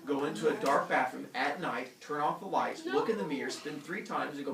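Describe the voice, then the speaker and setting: A man's voice: a little high, fairly quick, gravelly. A man teaching a classroom lesson, joking and acting out voices as he explains. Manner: animated, jokey, acts out voices. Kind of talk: classroom lecture. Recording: roomy classroom audio from far off.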